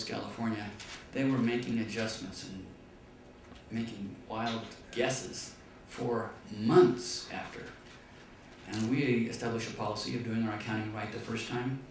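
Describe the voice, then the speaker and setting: A man's voice: fairly even intonation, normal speed. Man lecturing in an echoey room. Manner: storytelling, acts out dialogue in a high voice. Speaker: business lecturer. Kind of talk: classroom business talk with anecdotes. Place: classroom or lecture hall. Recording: echoey room, far from the mic, faint noise.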